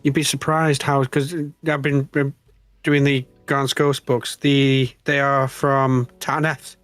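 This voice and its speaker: A man's voice: medium pitch, little pitch movement, slow, fairly bright tone, no echo, faint music behind. Joking man in casual banter. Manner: jokey, rambling asides. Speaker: co-host.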